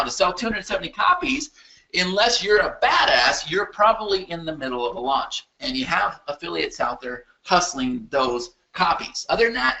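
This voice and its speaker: A man presenting a webinar in an emphatic, repetitive motivational sales-pitch style. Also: pushed and bright, poor audio.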